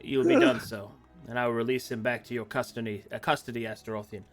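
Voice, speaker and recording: A man voicing a stern male temple official in a tabletop game, speaking formally and in measured phrases. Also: mid-range voice, soft background music, close to an everyday voice.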